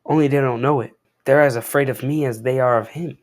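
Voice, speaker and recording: A man voicing the gray Hulk, a huge brute with calm, punning lines, read aloud from a comic. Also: mid-range voice, fairly quick, natural voice. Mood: brooding. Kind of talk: reading comic dialogue aloud.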